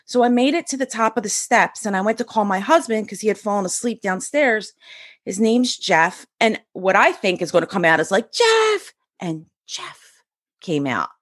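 A middle-aged woman from the US East Coast, a podcast guest telling a personal story in a sassy, high-strung, energetic way, acting out quoted lines with big pitch jumps. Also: fairly quick, no room sound, studio quality.

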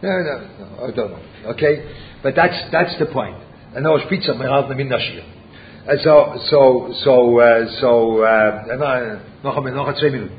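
A man's voice: medium pitch, normal speed. A man teaching a Torah class, who asks rhetorical questions, repeats himself and mixes Yiddish and Hebrew terms into his English. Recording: muffled lo-fi recording with faint background noise.

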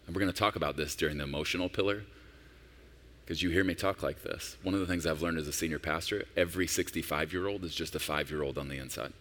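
A man's voice: low voice, fast, a bit bright, slight background noise. A senior pastor in his forties preaching a sermon in a conversational, personal storytelling manner with emphatic rises. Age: 40s.

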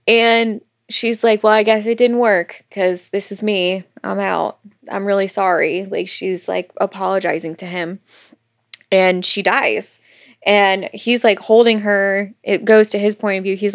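A woman co-hosting a podcast, walking through a book's plot in loose, casual talk. She slips in quick quoted asides and the odd curse, and keeps her voice at an ordinary middle pitch. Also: fairly even intonation. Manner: retells scenes with quick quoted asides, swearing, laughing. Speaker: podcast co-host. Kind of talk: casual book recap chat.

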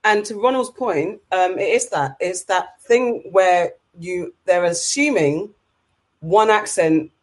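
A man's voice: high-pitched, takes it slowly. A man from Britain co-hosting a casual chat, arguing passionately with restarts and rhetorical questions. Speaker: co-host.

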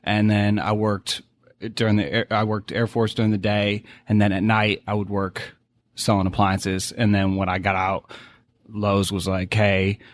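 A man's voice: on the low side, level tone, no echo. A man in his forties from Boston with a faint New England accent, a podcast guest telling stories in casual chat. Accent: faint New England, mostly masked. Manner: storytelling, quick asides.

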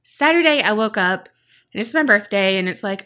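A woman's voice: mid-range voice, animated, normal speed, bright, forceful tone. A woman, telling a personal story on a podcast and acting out her own past remarks. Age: 30s. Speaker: podcast co-host. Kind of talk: casual storytelling chat.

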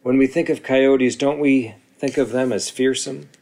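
A man reading a story, voicing a weathered solitary man guiding children with dry humor in a gentle, low-key way. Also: steady tone, unhurried, vocal fry.

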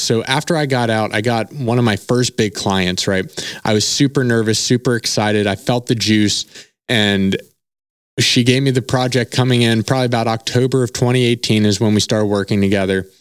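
A man's voice: fairly low pitch, clear, resonant tone, no room sound, clean studio sound. A man hosting a solo podcast, telling a personal story in a casual, candid way, swearing freely and often asking "right?". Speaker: podcast host.

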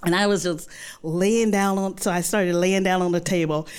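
A woman tells a true story from her own life in a chatty, animated way, often slipping into her own remembered thoughts. Her voice sits a little low for a woman. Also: moderate pace, smooth. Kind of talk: live personal storytelling.

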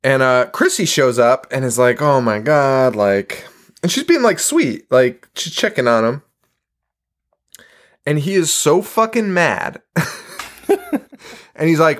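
A man's voice: medium pitch, expressive, measured pace, a bit bright. A man co-hosting a podcast, recapping a movie in casual, profane chat and laughing as he acts out quotes. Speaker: podcast co-host.

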